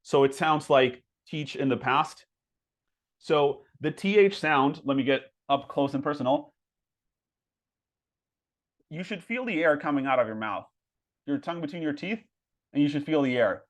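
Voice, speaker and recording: A man's voice: a little high, animated. Chatty man teaching pronunciation. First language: Spanish. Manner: chatty, many fillers, slows down to model words. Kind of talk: casual webinar teaching.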